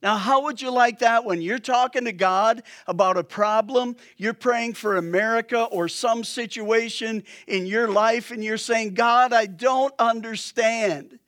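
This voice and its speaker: Male pastor preaching; talks to the congregation conversationally, unhurried and light. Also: sits high, steady tone, fairly bright tone. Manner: conversational, joking asides to the congregation. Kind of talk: sermon.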